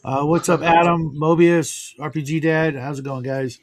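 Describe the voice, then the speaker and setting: Man, stream host, slightly high voice, rambling casual chat, self-deprecating. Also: level tone, moderate pace. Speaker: livestream host.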